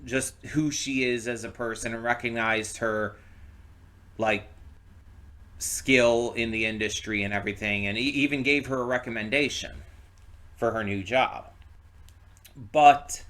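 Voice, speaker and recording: A man hosting a movie reaction channel, talking casually to camera in a rambling, low-key way with lots of restarts. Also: fairly even intonation, unhurried, long pauses, a bit bright. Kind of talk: casual direct-to-camera chat.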